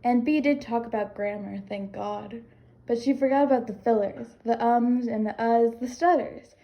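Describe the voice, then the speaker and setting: Woman co-host, fairly high voice, dramatic and teasing, muffled lo-fi recording. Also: moderate pace. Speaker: guest co-host. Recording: dull lo-fi mic.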